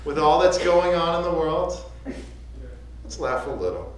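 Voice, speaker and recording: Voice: medium pitch, sing-song, a little slow. A rabbi giving a conversational, joking sermon from the pulpit of a synagogue. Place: synagogue sanctuary. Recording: echoey sanctuary.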